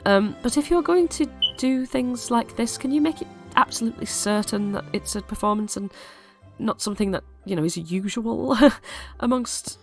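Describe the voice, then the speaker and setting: A woman's voice: on the high side, normal speed, soft background music, voice pushed up, lightly acted. A woman voicing a stern, prim hare-folk mother, polite and reproving, with a British accent.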